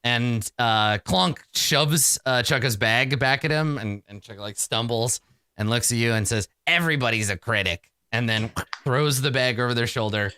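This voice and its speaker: A man runs a tabletop game, narrating in an animated, rambling way full of restarts. His voice is bright and crisp. It sits dry and close to the mic. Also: medium pitch, moderate pace, no room sound. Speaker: game master.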